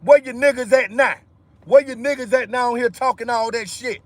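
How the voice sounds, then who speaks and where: A man's voice: very high-pitched, moderate pace, dry recording. A man ranting heatedly on a livestream, repeating himself with profanity. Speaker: livestream host. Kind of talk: angry livestream rant.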